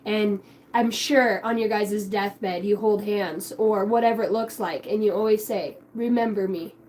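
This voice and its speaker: A woman's voice: mid-range voice, fairly even intonation, a little slow, a little mellow, a little hiss or hum, low-quality recording. A young woman giving a spiritual card reading, emotional and rambling, swearing casually. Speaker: tarot card reader.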